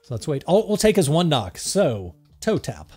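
A man's voice: on the high side, moderate pace, husky, faint music behind. A man hosting a let's-play, reading a text adventure aloud with playful emphasis. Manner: lively, reads with playful emphasis, laughs along.

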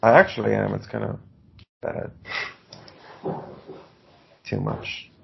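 A man in his twenties cohosts a casual podcast with a gravelly, husky voice that sits a little low. He delivers his jokes deadpan and laughs easily. The sound is dull and lo-fi. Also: slow. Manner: joking, deadpan, laughs often. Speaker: podcast co-host. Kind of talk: casual chat.

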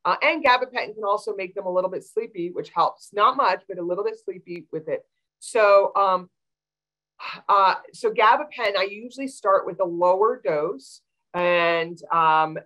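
A woman's voice: on the low side, poor audio. A woman veterinarian answering audience questions on a video call, explaining with many fillers. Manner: warm, explanatory, with frequent fillers.

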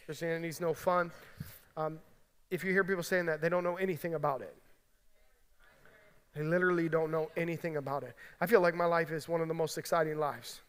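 Man, pastor, high bright voice, emphatic conversational sermon, long hall reverb. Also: steady tone, brisk, long pauses, smooth. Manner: emphatic, conversational preaching with frequent "right?". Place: large church sanctuary.

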